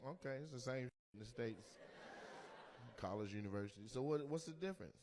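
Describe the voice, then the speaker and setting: A man doing stand-up crowd work in a comedy club, loud and teasing, and slipping into playful mock voices. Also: medium pitch, expressive, brisk, noisy background. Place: comedy club stage before a live audience.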